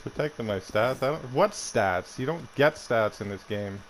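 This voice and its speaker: A man's voice: mid-range voice, animated, moderate pace, slight background noise. A young Canadian man trash-talking another player during an online game, mocking and swearing. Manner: taunting, profane, mocking. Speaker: gamer streamer.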